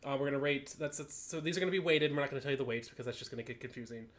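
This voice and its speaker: A man co-hosting a casual podcast, opinionated and animated as he thinks aloud about a cartoon. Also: mid-range voice, racing. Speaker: podcast co-host.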